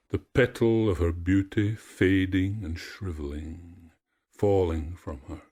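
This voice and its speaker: A man narrating a myth in a measured, expressive storytelling voice. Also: low-pitched.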